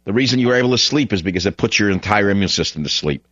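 Low-voiced blunt radio host, lo-fi. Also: male voice, animated, fast talker, fairly bright tone, no echo. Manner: blunt, opinionated, rambling with restarts. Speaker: radio talk show host. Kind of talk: talk radio monologue.

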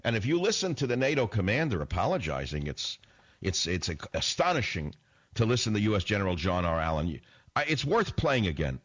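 A man's voice: lowish voice, big pitch swings, a little fast, a bit bright. A man hosting a political talk radio show, delivering a combative, sarcastic monologue full of rhetorical questions into a studio microphone.

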